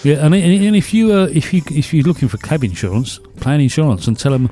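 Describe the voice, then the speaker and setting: A man's voice: fairly high pitch, expressive, quick pace, dark tone, soft background music. A man co-hosting a casual podcast chat, chatty and reading announcements aloud. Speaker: podcast co-host.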